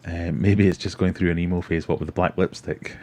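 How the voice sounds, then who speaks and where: A man's voice: low-pitched, steady tone, brisk, darkish tone. A middle-aged Scottish man hosting a casual livestream, rambling chattily and reading out viewer comments. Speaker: livestream host. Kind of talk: casual live-stream chat.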